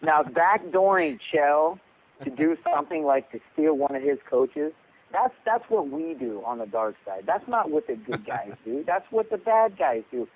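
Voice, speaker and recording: A man's voice: on the high side, big pitch swings, moderate pace, slight background noise. A man, a boxing coach and podcast guest, telling a rambling story over the phone, repeating words and acting out what others said. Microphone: phone call. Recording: tinny phone line.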